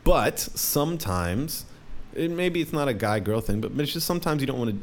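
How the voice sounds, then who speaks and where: A young man, a DJ, telling a rambling story in casual talk, swearing often and jumping up in pitch for quoted voices. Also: expressive, a little fast.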